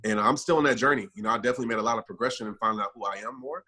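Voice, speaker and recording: A man's voice: lowish voice, racing, pushed and bright, breathy edge. A man guesting on a podcast as a motivational speaker, earnest and reflective, speaking from his own experience. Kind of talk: reflective interview talk.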